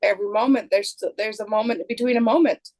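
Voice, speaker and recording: A woman's voice: fairly high pitch, fast talker, a little mellow, dry recording, rough recording. A woman, the guest client, joining a spiritual conversation over a video call with short affirming replies. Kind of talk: casual chat.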